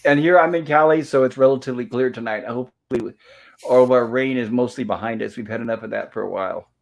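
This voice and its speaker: A man's voice: medium pitch, quick pace, creaky. Chuckling man rambling through an episode recap. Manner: rambling, chuckling, leans on "and of course". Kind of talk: casual episode review chat. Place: home.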